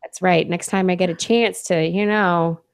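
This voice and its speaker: A woman's voice: fairly low pitch, fairly even intonation, moderate pace, creaky, clear, resonant tone. A woman co-hosting a podcast in casual pre-show banter, emphatic and playfully indignant. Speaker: podcast co-host.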